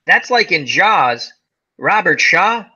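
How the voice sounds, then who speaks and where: A man's voice: high-pitched, slow, breathy edge, highs cut off. A man hosting a casual chat, telling stories animatedly and acting out the quotes. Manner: animated storyteller, acts out quotes. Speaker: host.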